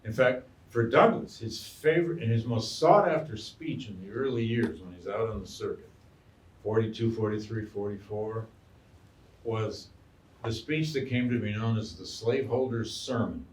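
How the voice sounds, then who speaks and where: A man, a historian and biographer, answering audience questions in an animated, storytelling way and acting out quotes. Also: fairly low pitch, moderate pace, a little hiss or hum. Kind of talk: lecture Q&A answer. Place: lecture hall. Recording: echoey room, mic far off.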